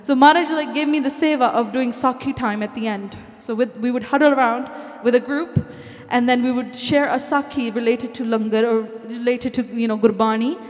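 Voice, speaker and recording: An earnest, high-voiced woman gives an inspirational talk to a congregation at a Sikh community event. She speaks briskly with fairly even intonation and few pauses, heartfelt throughout, slipping Punjabi phrases into her English. The hall adds long reverb.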